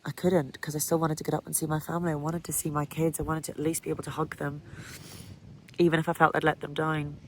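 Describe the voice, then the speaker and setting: A woman's voice: low voice, little pitch movement, fast, slight background noise. An Irish woman vlogging candidly and emotionally about a hard cycling challenge. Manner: emotional, candid, breaks into laughter. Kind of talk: candid personal vlog.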